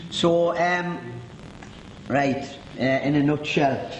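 A man's voice: a little high, takes it slowly, a little hiss or hum. A middle-aged man from Newcastle with a Geordie accent, telling his personal testimony in a chatty, joking way with many restarts. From Newcastle, England. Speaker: guest giving a testimony. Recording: roomy echo.

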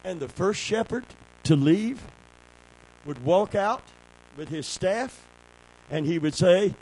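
A man preaching a sermon, calling for amens and swinging between a low hush and a shout. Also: expressive, slow pace, poor audio.

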